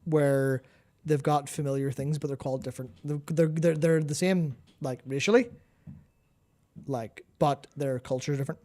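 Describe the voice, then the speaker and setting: A man's voice: fairly high pitch, fairly even intonation, normal speed, a little mellow. A man co-hosting a casual gaming chat, rambling, repeating words while he hunts for terms, and swearing casually. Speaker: podcast co-host.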